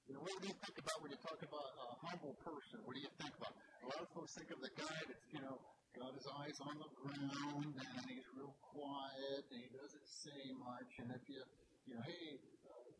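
Folksy preacher man over loud noise. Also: fairly high pitch. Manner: folksy, conversational, homely everyday examples. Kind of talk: sermon.

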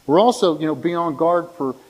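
A man preaching a sermon in a conversational way, slowing down and lifting his voice when he reads scripture. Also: on the high side, a little mellow, slightly rough, poor audio. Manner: conversational, with frequent restarts and fillers; slows down and lifts his voice when reading scripture. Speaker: pastor.

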